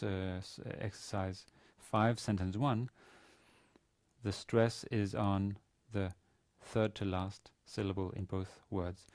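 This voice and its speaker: Male university lecturer, low mellow voice, hesitant and explanatory, dry close sound. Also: no echo. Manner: hesitant, explanatory, many fillers and restarts. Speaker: Arabic teacher. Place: university teaching room.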